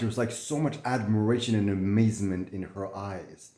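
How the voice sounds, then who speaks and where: Man, coughing, short of breath, swearing, low voice, mellow tone, echoey bedroom. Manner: candid, swears often, halting restarts. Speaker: vlogger sharing his illness. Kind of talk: casual confessional vlog. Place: in bed at home.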